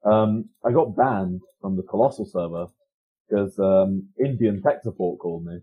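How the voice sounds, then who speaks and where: A man's voice: low-pitched, moderate pace, slightly rough. Young man rambling a crude story. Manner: rambling, profane, fillers, restarts. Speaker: podcast host. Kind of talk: casual storytelling chat. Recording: dull lo-fi sound.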